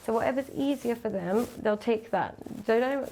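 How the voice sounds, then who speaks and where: A woman's voice: fairly high pitch, normal speed, dark tone, slight background noise. A woman, giving analytical interview commentary and acting out quoted voices. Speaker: interview guest.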